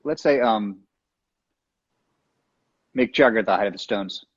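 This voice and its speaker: A man chatting as a guest over a video call, playful and joking, with quick asides. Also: lowish voice, breathy edge, muffled recording. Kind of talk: casual chat.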